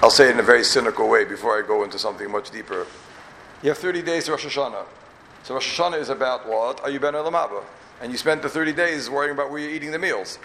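A rabbi from Borough Park, giving an emphatic yeshiva talk full of repeated questions and wry asides. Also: male voice, medium pitch, racing, bright, forceful tone, a little hiss or hum. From Borough Park, New York.

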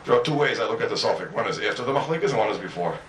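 Male Talmud teacher in a classroom, lively swooping delivery, echoey room, mic a few steps off. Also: lowish voice, racing, slight background noise. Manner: animated, fires rhetorical questions at the class; mixes English with Hebrew and Aramaic study terms. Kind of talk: Talmud lesson to students. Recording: roomy echo, mic at a distance.

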